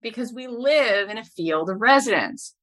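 A woman's voice: on the high side, lively intonation, normal speed, a bit bright. A middle-aged woman, a podcast host and business coach, telling stories as a guest in an interview and building each anecdote to its punchline.

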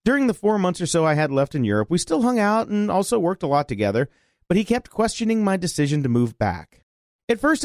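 A man co-hosting a podcast, reading listener letters aloud in an expressive, animated way. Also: fairly high pitch, no echo, studio quality.

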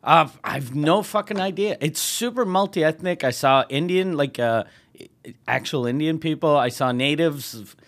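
A man's voice: a little high, unhurried, fairly bright tone. Profane, laughing storyteller man. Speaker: comedian guest. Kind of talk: casual storytelling on a podcast.

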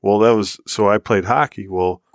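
Rambling, animated male podcast storyteller. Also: fairly low pitch, moderate pace, dry recording, studio quality. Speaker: podcast co-host. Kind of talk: casual storytelling chat.

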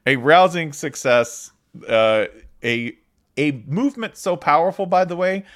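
A man's voice: a little high, a little slow. A man co-hosting a podcast in casual chat, joking and rambling with frequent restarts. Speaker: podcast co-host.

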